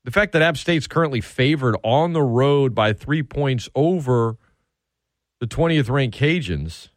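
A man's voice: mid-range voice, animated, a little slow, no echo, studio quality. A man hosting a sports radio show, talking casually and chattily with frequent restarts and asides.

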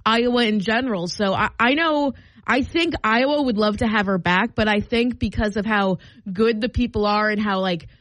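A woman's voice: medium pitch, moderate pace, fairly bright tone, no echo. A woman co-hosting a podcast in casual chat, upbeat and enthusiastic with lots of fillers. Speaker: podcast co-host.

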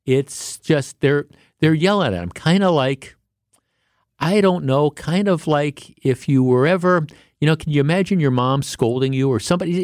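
A man's voice: fairly high pitch, moderate pace, darkish tone, dry recording, clean studio sound. Indignant talk radio host, rambling man. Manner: rambling and indignant, with many restarts.

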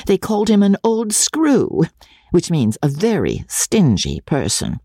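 Lively, gravelly audiobook narrator. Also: mid-range voice, no room sound, clean studio sound. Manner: lively, expressive storytelling. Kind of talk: first-person letter narration.

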